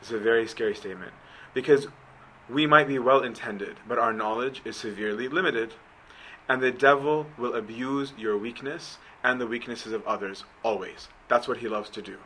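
A preacher with a mid-range, pushed and bright voice gives a conversational sermon at normal speed, frequently checking in with listeners by asking "right?" The audio is poor, with a little hiss or hum.

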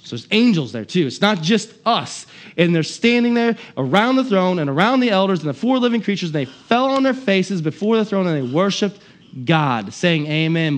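Fired-up male pastor with a slightly high voice, preaching hard, drops to quiet asides. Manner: impassioned, swings from loud emphasis to quiet asides. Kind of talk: sermon.

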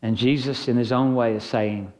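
A man's voice: medium pitch, steady tone, normal speed, darkish tone. A man preaching a sermon as pastor, earnest and conversational, shifting his emphasis as he speaks.

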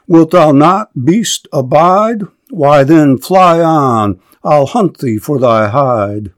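A man's voice: a little high, expressive, takes it slowly, pitched above the performer's own voice. A man reading the part of a proud, courteous Trojan warrior prince in formal verse. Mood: bold.

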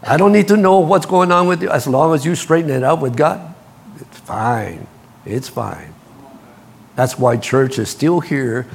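A man preaching a sermon, telling stories with lively energy and speaking straight to his congregation. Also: mid-range voice. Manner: animated storytelling, acts out quotes, laughs at his own stories; addresses the congregation directly. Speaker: pastor.

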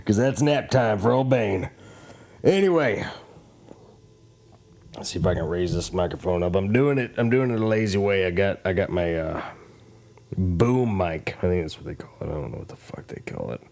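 Low gravelly guy rambling on his podcast, swearing a lot and joking on himself. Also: animated, moderate pace, a little mellow. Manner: profane, joking, self-mocking. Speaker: podcast host. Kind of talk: casual rambling monologue. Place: home.

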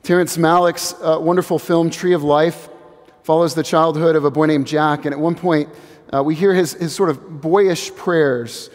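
A man in his thirties preaching a sermon, earnest and reflective, dropping to a hush for emphasis. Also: on the high side, steady tone, big-room sound. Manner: earnest, reflective, building slowly to hushed emphasis. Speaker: pastor.

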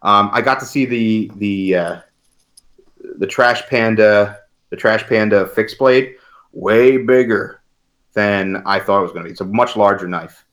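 A man co-hosting a podcast, casually retelling a weekend story in an animated way. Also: on the low side, unhurried. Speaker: podcast co-host. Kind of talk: casual chat.

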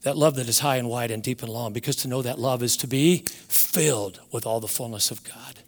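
Man in his 60s, pastor, emotional sermon delivery with big swings from loud to hushed; mid-pitched, long hall reverb. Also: a little fast.

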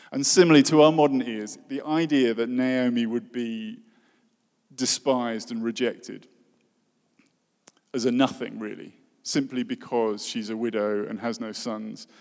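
A man's voice: medium pitch, darkish tone. A man preaching a sermon in an earnest tone, with dry humor and rhetorical questions. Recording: reverberant hall.

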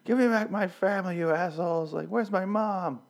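A man doing a distraught young woman, furious and in tears. The voice is pushed high into a shrill, tearful falsetto that mocks her. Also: moderate pace, vocal fry. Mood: angry sobbing.

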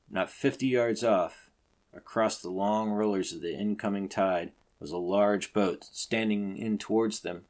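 Low-voiced man reading a story aloud. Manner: measured, dramatic reading with acted outbursts for the characters. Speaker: narrator. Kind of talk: scripted narration of a classic story.

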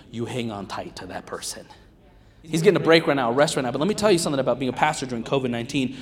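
A man in his thirties preaching in a church, with a voice pitched a little high for a man. He talks to the room in a loose, conversational way, rising to loud calls and dropping to near-whispers. A long reverb of a big hall trails behind every phrase. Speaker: guest pastor. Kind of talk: sermon. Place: church sanctuary.

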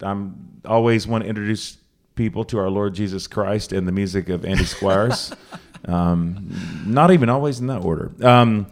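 A man's voice: fairly low pitch, moderate pace. Rambling man hosting a house show. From Charlotte, North Carolina. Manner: rambling, self-interrupting, jokey. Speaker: podcast host. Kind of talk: casual live talk at a house concert. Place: living room house show with a small audience.

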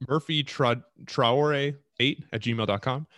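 Deadpan podcast man reading emails. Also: mid-range voice, slow pace, no room sound, studio quality. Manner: mock-earnest, reads scam emails aloud grandly. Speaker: podcast co-host. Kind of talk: deadpan comedic podcast chat.

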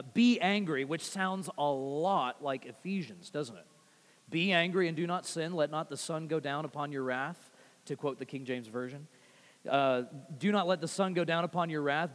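A man preaching a sermon with animated delivery, swinging from loud rising phrases to quiet low ones and often repeating words. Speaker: pastor. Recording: long reverb of a large hall.

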